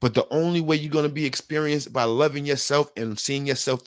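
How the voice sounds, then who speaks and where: A man's voice: fairly high pitch, fairly quick, hardly any pauses, no echo, studio quality. A man giving an earnest motivational self-help talk straight to the listener, in casual slang, often repeating himself and getting worked up. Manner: earnest, repetitive, gets worked up.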